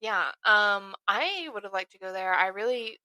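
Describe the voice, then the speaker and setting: A woman's voice: mid-range voice, expressive, moderate pace, sharp tone, no room sound. A young woman from Arkansas, a podcast guest, chatting in an easygoing way with many ums. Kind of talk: casual chat.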